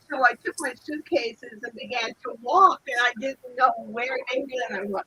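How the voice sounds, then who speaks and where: A woman's voice: high voice, normal speed, sharp tone, a little hiss or hum, poor audio. An older woman telling a story in a casual chat, laughing often and acting out other people's lines, heard over a video call. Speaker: guest.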